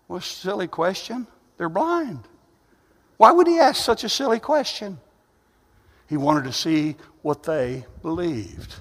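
A man preaching a sermon. He moves between quiet, conversational asides and loud, rising, drawn-out preaching. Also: very high-pitched, big pitch swings. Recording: long hall reverb.

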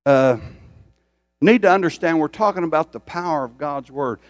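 Man, older, preacher, emphatic sermon, repeated phrases, slightly high voice. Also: normal speed, dry recording. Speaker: pastor.

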